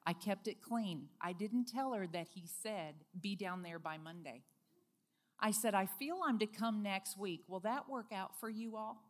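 A woman being interviewed, telling a personal faith story in a lively, earnest way. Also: lowish voice. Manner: lively storyteller, acts out quoted speech; earnest, heartfelt. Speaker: guest.

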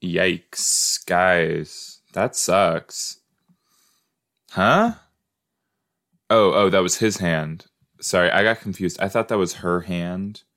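A man with a lowish voice talks through a show in an unhurried, drawn-out way. He rambles and jokes, pausing on fillers as he works through his thoughts aloud. It sounds like a relaxed solo watch-along podcast. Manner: rambling, playful, thinks aloud with many fillers. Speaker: podcast host reacting to a TV episode. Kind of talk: casual watch-along commentary.

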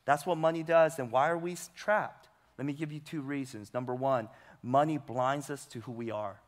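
A man's voice: medium pitch, steady tone, normal speed. A male pastor preaching a sermon with emphasis, putting rhetorical questions to his congregation. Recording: long hall reverb.

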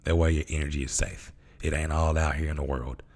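A man's voice: very deep voice, flat delivery, fairly quick, darkish tone. A man from Memphis, hosting a casual motivational podcast monologue in a laid-back, slangy way. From Memphis, Tennessee. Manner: laid-back, slangy, acts out voices in stories. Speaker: podcast host.

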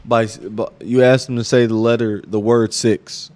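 A man's voice: medium pitch, flat delivery, moderate pace, a little mellow. A man co-hosting a comedy podcast, teasing dryly and rambling through jokes. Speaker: podcast co-host. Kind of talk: casual comedic chat.

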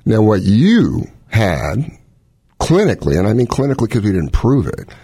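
A man's voice: lowish voice, big pitch swings, normal speed, mellow, slightly rough, dry recording, clean studio sound. A middle-aged man, a cardiologist, explaining heart conditions in casual chat with analogies and quoted scenarios. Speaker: cardiologist host.

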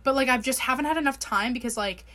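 A woman's voice: high voice, fast, pushed and bright. A young woman co-hosting a podcast who tells a story in a chatty, wry way, with many fillers. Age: 20s. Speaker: podcast co-host. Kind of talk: casual chat.

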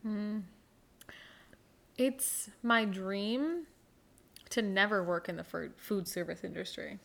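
A woman's voice: mid-range voice, slow pace, creaky, a bit bright. A young woman in casual chat, making dry quips and swearing casually.

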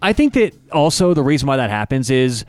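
A young man co-hosting a casual podcast, telling a story in a lively, animated way. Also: medium pitch, a little fast. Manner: animated storyteller, acts out quotes. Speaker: podcast co-host. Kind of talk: casual chat.

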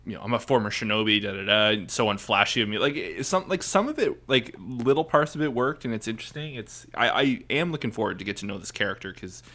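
A man's voice: medium pitch, very animated, fast talker, hardly any pauses, pushed and bright. A man co-hosting a podcast, chatting casually about an anime episode with many fillers and restarts. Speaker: podcast co-host. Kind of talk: casual chat.

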